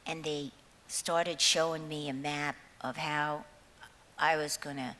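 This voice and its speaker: A low-pitched but fairly bright voice belongs to a woman in her seventies, a singer telling meandering stories to her concert audience while nervous before her performance. She laughs often and swears freely, and the recording in the large hall is echoey with faint hiss.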